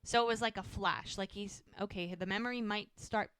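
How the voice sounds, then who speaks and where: A woman co-hosting a podcast, casually retelling a TV episode in lively detail. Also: medium pitch, fairly quick, clean tone, dry recording, clean studio sound. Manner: lively retelling, trails off and restarts. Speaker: podcast co-host. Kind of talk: casual chat recapping a TV episode.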